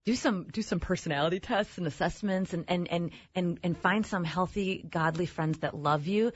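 A woman's voice: lowish voice, normal speed, breathy edge, dull audio. A woman talking as a guest on a Christian talk show, thoughtful and sharing advice. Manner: thoughtful, many restarts.

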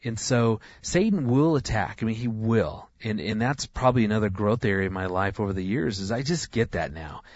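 Earnest, halting middle-aged man. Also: lowish voice, animated, dry recording, lo-fi sound. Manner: earnest, halting with many restarts. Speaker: guest. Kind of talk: casual chat.

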